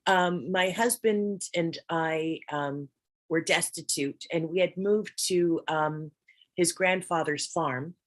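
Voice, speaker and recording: A woman's voice: lowish voice, slow. A middle-aged woman calling in with a question and telling her story hesitantly, with many ums, over a video call. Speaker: caller asking a question. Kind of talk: hesitant personal account.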